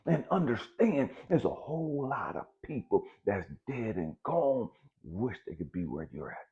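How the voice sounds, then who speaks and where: A man's voice: mid-range voice, big pitch swings, measured pace, dark tone. A middle-aged man giving a blunt, profane motivational exhortation, hammering his points with repetition. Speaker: motivational speaker. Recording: dull lo-fi recording.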